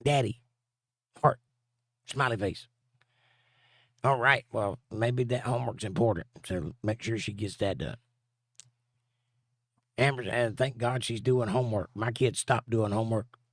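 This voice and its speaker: A man's voice: lowish voice, a little slow, pauses often, no echo, clean studio sound. A man hosting a casual livestream, reading viewer comments aloud and joking around. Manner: reads viewer comments aloud in playful voices. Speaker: livestream host reading chat.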